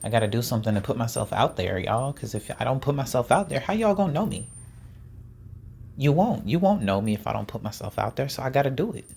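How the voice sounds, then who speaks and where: A man's voice: medium pitch, lively intonation, quick pace, creaky, few pauses, a little mellow, slight background noise. A man hosting his own podcast in a casual, playful way, talking straight to his listeners with jokey asides. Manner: jokey asides with laughs and sighs. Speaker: podcast host. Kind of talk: casual solo podcast chat.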